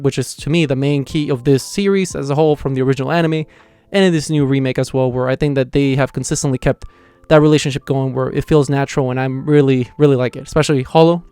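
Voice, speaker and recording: A man's voice: medium pitch, warm tone, clean tone, dry recording. A man casually reviewing an anime episode, retelling the plot in a loose, chatty way.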